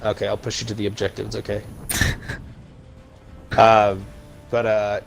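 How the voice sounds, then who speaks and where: Heated ranting podcast host, low voice. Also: male voice, completely flat delivery, a little slow, gravelly, slight background noise. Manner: heated ranting, emphatic insults. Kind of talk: casual chat while playing a video game.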